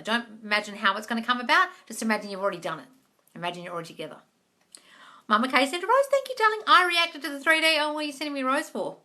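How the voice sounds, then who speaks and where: A woman's voice: mid-range voice, sharp tone. A woman hosting a live question-and-answer stream, chatting casually, reading out comments and calling viewers darling. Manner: chatty, calls everyone darling. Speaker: manifesting coach hosting a live Q&A.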